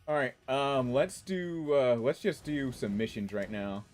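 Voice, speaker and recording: A man's voice: mid-range voice, unhurried, darkish tone, soft background music. A man in his twenties from the Washington DC area, with a mixed DC-area and New York accent, rambling and laughing as he reads chat during a casual game stream. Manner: rambling, chatty, laughs often. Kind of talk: casual gameplay livestream chat.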